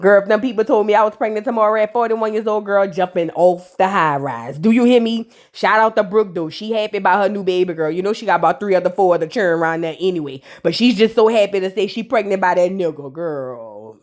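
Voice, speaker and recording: A woman's voice: medium pitch, fast, few pauses. A woman hosting a casual, comedic recap of a reality TV episode, sassy and chatty, acting out the people she quotes.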